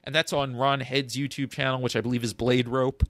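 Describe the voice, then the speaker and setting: A man co-hosting a podcast in casual chat, thoughtful and halting as he recalls details. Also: medium pitch, flat delivery, a bit bright, no room sound. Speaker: podcast co-host.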